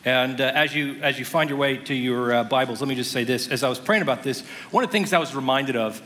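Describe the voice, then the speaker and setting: Bright, forceful male pastor preaching. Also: mid-range voice, fast talker. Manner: conversational storytelling with humorous asides. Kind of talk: sermon. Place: church sanctuary. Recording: long hall reverb.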